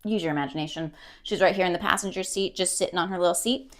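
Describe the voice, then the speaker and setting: A woman's voice: lowish voice, fast talker, a bit bright. Chatty giggly young woman streamer. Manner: chatty, giggly, rambling with many ums. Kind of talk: casual chat on a stream.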